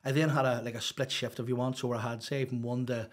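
Here a Northern Irish podcast guest with a mid-range voice talks fast, with little pitch movement. He recounts his life story rambling and openly, peppered with "you know," in a casual storytelling interview.

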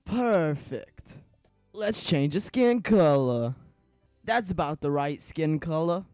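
Male game commentator, high bouncy voice, dry close mic, jokey and excitable, faint music behind. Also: takes it slowly, clear, resonant tone, no echo. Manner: joking, grows frantic and yelling. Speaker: gaming commentator.

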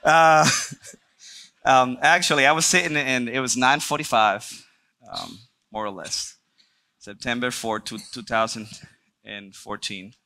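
Man with a bright, forceful voice. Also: medium pitch, fairly even intonation, unhurried, pauses often. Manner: engages the audience with questions and jokes. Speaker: church breakout speaker. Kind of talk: personal testimony talk to a group. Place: church meeting room.

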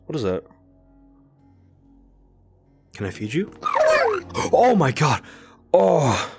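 Excitable young man playing a game. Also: moderate pace, vocal fry, soft background music. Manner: excitable, coos at the creature in a high baby-talk voice. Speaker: gaming video creator. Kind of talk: casual gameplay commentary.

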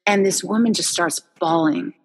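A woman founder, a guest in a casual interview, telling stories in an animated way with many restarts. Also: on the low side, moderate pace, slightly rough, in a large hall.

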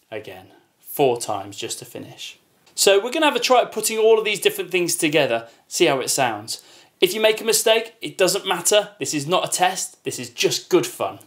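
A man's voice: on the high side, a bit bright, a little hiss or hum. A man teaching a children's music lesson, patiently counting beats aloud and demonstrating each sound.

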